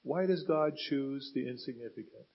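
A man's voice: medium pitch, normal speed, creaky, slightly rough, dull audio. A man preaching a sermon as a pastor, retelling scripture with dramatic rises and falls in emphasis.

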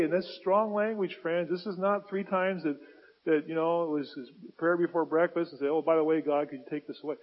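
A male pastor preaching a sermon, swinging from loud impassioned pleading to quiet reflective asides. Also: a little high, fairly even intonation, brisk, highs cut off.

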